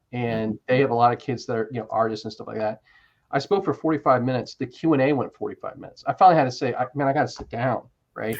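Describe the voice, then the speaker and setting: A man telling stories in a casual interview, animated, with quick restarts and asides. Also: medium pitch, gravelly, lo-fi sound. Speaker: interview guest, author.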